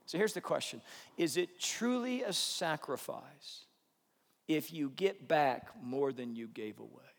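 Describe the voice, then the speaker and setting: A man preaching a sermon as a pastor, building to fervent calls and easing into a quiet prayer. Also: on the high side, lively intonation, unhurried, vocal fry. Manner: impassioned preaching that drops to a soft prayer. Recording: echoey hall.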